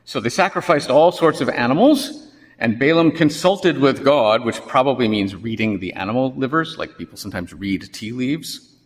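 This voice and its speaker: Man preaching in a church, animated storyteller with wry jokes, lots of hall echo. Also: mid-range voice, moderate pace. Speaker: pastor. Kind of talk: sermon. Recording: long reverb of a church hall.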